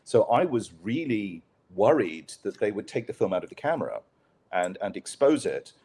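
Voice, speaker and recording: A man's voice: fairly low pitch, very animated, moderate pace, warm tone, slightly rough. A journalist man telling a candid, self-deprecating story as a podcast guest. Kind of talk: conversational storytelling.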